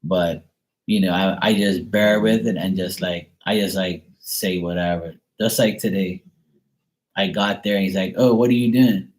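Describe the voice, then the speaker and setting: Casting note: deep-voiced middle-aged man, blunt, swears freely, loose rambling chat. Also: fairly even intonation, unhurried, low-quality recording. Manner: blunt, profane, rambling storyteller. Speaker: tarot reader. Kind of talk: casual live-stream chat.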